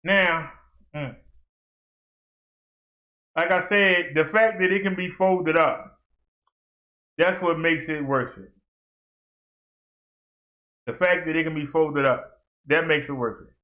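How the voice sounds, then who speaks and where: A man's voice: a little high, slow, pauses often, sharp tone. A man vlogging casually, chatting straight to his viewers and laughing often as he works. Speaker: fitness vlogger. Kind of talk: casual talk to viewers while working. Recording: echoey room.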